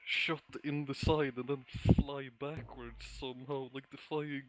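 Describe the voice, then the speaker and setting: A man's voice: medium pitch, little pitch movement, measured pace, fairly bright tone, a little hiss or hum, poor audio. Laughing, exasperated man in casual debate. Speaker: podcast co-host. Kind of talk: casual argumentative chat.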